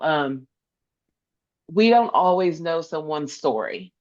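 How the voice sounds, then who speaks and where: A woman's voice: low-pitched, animated, slow, long pauses, a little mellow, muffled recording. A woman guest in a podcast interview, talking earnestly and emphatically, repeating phrases to stress her point. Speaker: podcast guest, social worker. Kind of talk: conversational interview.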